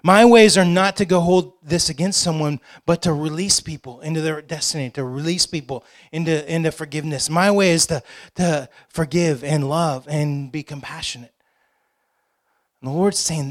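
A man preaching with a fairly high, light voice. He talks to his congregation casually and throws in joking asides. He drives his points home by repeating short phrases. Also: moderate pace. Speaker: pastor. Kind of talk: sermon.

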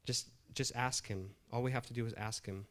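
A middle-aged pastor with a mid-range, fairly bright voice preaches a sermon conversationally at normal speed in a steady tone. He often restarts phrases and builds emphasis.

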